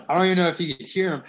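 A man with a slightly higher voice joins the chat in short bursts. He mostly drops quick remarks and poses skeptical questions. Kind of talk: casual chat.

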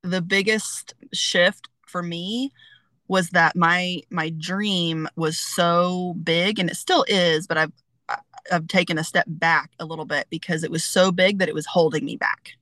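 Chatty woman with a bright voice. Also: fairly low pitch, fairly even intonation, a little slow, no room sound. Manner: chatty, storytelling, many fillers. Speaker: guest. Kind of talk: casual interview.

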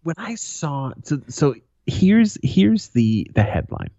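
A man co-hosting a podcast in casual banter, profane and animated, telling stories with laughs. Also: a little high, slow pace, dry recording, dull audio. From Boston area. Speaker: podcast co-host.

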